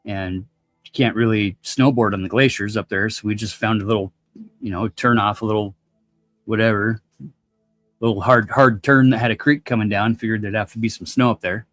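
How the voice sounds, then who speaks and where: A man's voice: fairly low pitch, steady tone, moderate pace, a bit bright, dry recording, faint music behind. A man telling a long story in casual chat, laid-back and slangy, swearing freely.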